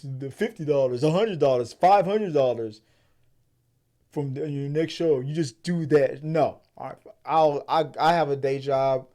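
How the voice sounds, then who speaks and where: A man hosting a casual movie podcast, talking in a rambling, profane and animated way. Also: fairly high pitch. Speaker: podcast host. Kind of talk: casual chat.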